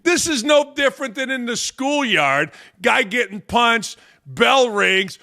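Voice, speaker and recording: Male sports show host with a high, bright voice; blunt, opinionated, punchy delivery. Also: lively intonation, slow. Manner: blunt, emphatic, rising into shouts. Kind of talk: opinionated sports talk rant.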